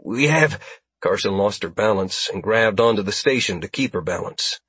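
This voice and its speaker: A man narrating an action story as an audiobook reader, in steady, even storytelling. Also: lowish voice, normal speed, husky, no echo. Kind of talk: scripted narration.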